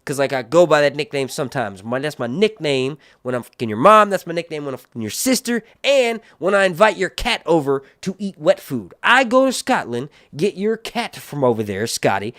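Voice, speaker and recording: A man's voice: a little high, very animated, fairly quick, few pauses, fairly bright tone, no echo. A man hosting a casual live stream about a TV show, rambling and joking crudely off topic. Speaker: host of a TV show review stream.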